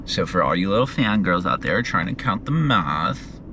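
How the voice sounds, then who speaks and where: Tired young guy ranting and swearing, real low voice, car rumbling behind him. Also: sing-song, normal speed, background noise. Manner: profane, rambling, frustrated. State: sleep-deprived. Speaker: vlogger. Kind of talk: crude rambling video diary.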